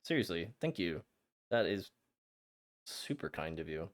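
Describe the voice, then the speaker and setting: A young man streaming a game, chatting to his viewers in an excitable, flustered way with frequent stammers. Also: sits low, measured pace. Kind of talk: casual live-stream chat.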